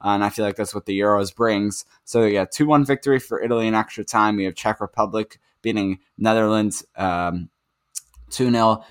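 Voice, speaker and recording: A man's voice: lowish voice, a bit bright. A man co-hosting a football podcast, recapping matches in a casual, rambling way with many fillers. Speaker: podcast co-host. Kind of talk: casual sports chat.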